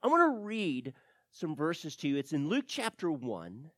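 A man preaching a sermon as pastor, reading scripture aloud with emphatic stresses and soft drops. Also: on the high side, huge pitch swings, a little slow, dry recording, studio quality.

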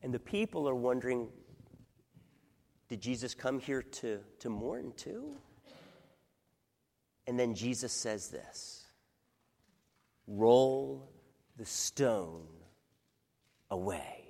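Male pastor, high lively voice, unhurried dramatic sermon delivery, long hall reverb. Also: gravelly. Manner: dramatic, swings from hushed to loud, acts out quoted voices.

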